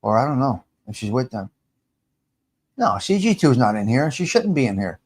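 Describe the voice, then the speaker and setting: A man's voice: medium pitch, big pitch swings, moderate pace, a little mellow. A man hosting a casual livestream, rambling, repeating himself and answering viewers' comments aloud.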